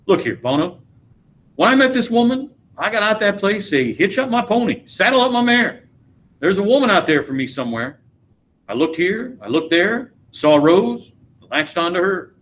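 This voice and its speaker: A man's voice: high-pitched, sing-song, normal speed, a bit bright. A teacher reading aloud as a boastful, teasing middle-aged man who drawls through his stories. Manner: swaggering, teasing, drawling speech. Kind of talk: dramatic read-aloud of a play.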